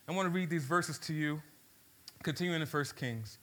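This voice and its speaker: A man from Baltimore, USA, preaches a sermon to a live audience, drawing the crowd in with questions and telling stories whose pace he shifts for emphasis. His voice sits on the high side and is a bit bright, at a moderate pace.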